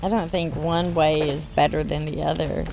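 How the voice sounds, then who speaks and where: A woman's voice: sits low, level tone, moderate pace, creaky, darkish tone, slight background noise. A woman with a Southern US accent, raised in the South after a Michigan childhood, chatting in a rambling way over gameplay and laughing between words. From born in Michigan, raised in the US South. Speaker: gaming channel host. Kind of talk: casual chat over gameplay.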